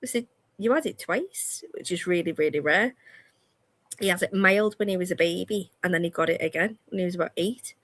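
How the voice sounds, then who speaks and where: A woman's voice: on the low side, a little fast, a bit bright. A woman, chatting casually as a co-host, telling stories about her kids and laughing often. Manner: casual, uses dialect forms like "me" for "my". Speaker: radio show co-host. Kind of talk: casual chat.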